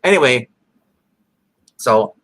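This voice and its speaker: A man's voice: medium pitch, expressive, slow, a bit bright, no echo, rough recording. Rambling man recapping a show. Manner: rambling, many fillers, acts out characters' lines. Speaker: podcast co-host. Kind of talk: casual episode recap chat.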